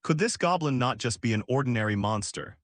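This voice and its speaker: A man voicing a sharp-tongued young female archer in a fantasy story recap. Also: medium pitch, expressive, a little fast, dry recording, studio quality, close to an everyday voice.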